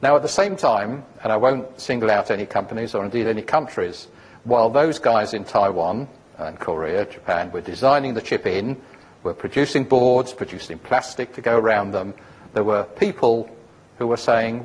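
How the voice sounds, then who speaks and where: A man's voice: on the low side, expressive, normal speed, slightly rough. A man giving a conference talk about founding a company, rambling and anecdotal, full of fillers and restarts.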